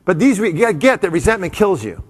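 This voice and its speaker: Guy doing a funny live keynote, talks fast, keeps cutting himself off and poking the crowd, big hall echo. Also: high voice. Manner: animated, self-interrupting, quick asides to the audience. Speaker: motivational speaker. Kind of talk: live comedic keynote talk to an audience. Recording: long hall reverb.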